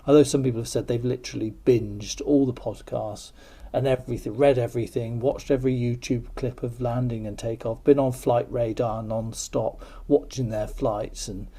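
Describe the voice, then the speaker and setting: A man's voice: medium pitch, fairly even intonation, moderate pace, dark tone. A man hosting a podcast, chatting casually in an encouraging way and laughing often. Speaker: podcast host. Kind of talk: casual chat.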